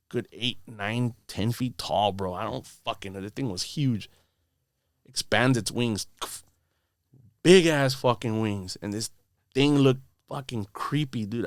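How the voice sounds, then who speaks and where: A man's voice: medium pitch, expressive, unhurried, no room sound, studio quality. A man casually telling a long story on a podcast, rambling and profane, filling his talk with "bro" and "dude". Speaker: podcast guest. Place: podcast studio.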